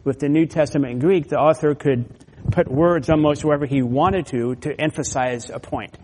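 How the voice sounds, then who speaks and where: A man's voice: fairly high pitch, slight background noise. Emphatic male preacher in a reverberant hall. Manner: emphatic, rising loud on key points, repeats words. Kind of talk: expository sermon.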